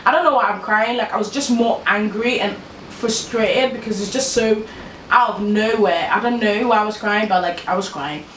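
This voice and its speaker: A young woman telling a storytime vlog in a lively, slangy way, laughing as she goes. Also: mid-range voice, moderate pace, slight background noise. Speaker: vlogger. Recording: echoey room, distant mic.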